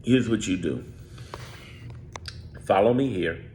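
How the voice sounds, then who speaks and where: A man's voice: fairly low pitch, takes it slowly, dark tone, a little hiss or hum. A man giving off-script political commentary straight to his viewers, emphatic and repetitive, drawing out his words. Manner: emphatic, drawls, repeats phrases. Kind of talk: off-script direct-to-camera commentary.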